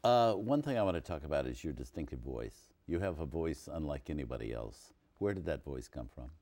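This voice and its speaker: A man interviewing a guest, asking measured questions with some hesitant fillers. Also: extremely low pitch, sing-song, mellow.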